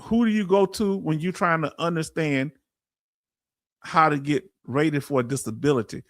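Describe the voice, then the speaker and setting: Hosting a relaxed livestream for veterans, a middle-aged man from Texas answers his chat with folksy animation and a Southern accent. He speaks a little high at normal speed, in clean studio audio with no room sound.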